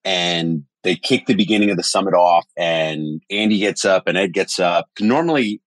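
A man's voice: low-pitched, moderate pace, dry recording. A man telling stories animatedly in a casual podcast conversation, cursing freely. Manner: animated storyteller, swears casually. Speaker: podcast guest.

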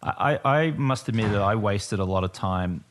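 A man's voice: fairly low pitch, moderate pace. A man in casual podcast conversation, reflective and agreeable as he shares his own experience.

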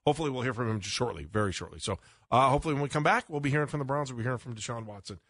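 A man's voice: medium pitch, animated, very fast, few pauses, fairly bright tone, no echo, studio quality. A man co-hosting a sports radio show, talking casually and restarting his sentences often. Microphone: studio microphone.

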